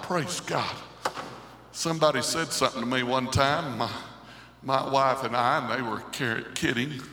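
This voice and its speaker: A man preaching a Pentecostal sermon, moving from quiet talk up to loud, high shouting. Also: a little hiss or hum. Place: church sanctuary. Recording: echoey hall with congregation.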